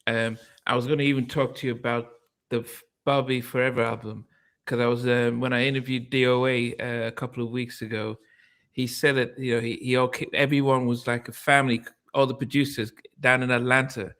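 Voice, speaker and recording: Male host, middle-pitched voice, halting, rambling questions. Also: level tone, fairly bright tone. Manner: hesitant, many ums and restarts, asks meandering questions. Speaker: interview host. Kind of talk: casual interview.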